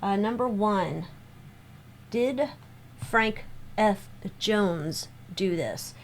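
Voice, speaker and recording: A woman's voice: mid-range voice, expressive, very slow, slight background noise. A woman giving a casual spoken tarot reading, rambling with lots of fillers and restarts. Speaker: tarot reader.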